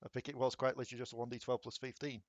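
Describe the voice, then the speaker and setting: A man runs a tabletop game as game master. His voice sits at an ordinary pitch and his talk is chatty, with quick bursts of rules talk and frequent laughs. The recording is dry and close, with no room sound. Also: flat delivery, no room sound, muffled recording. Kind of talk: narrating a tabletop game over voice chat.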